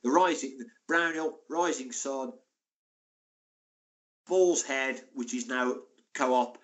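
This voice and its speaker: A man's voice: medium pitch, slow. Chatty man in his sixties. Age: 60s. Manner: chatty, animated, laughing anecdotes. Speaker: former footballer guest. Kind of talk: casual interview storytelling.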